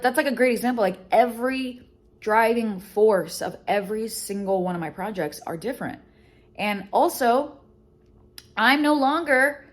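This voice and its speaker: A woman vlogger and education business founder talking candidly and emotionally about her life, swearing freely. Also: fairly low pitch. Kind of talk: candid personal vlog talk.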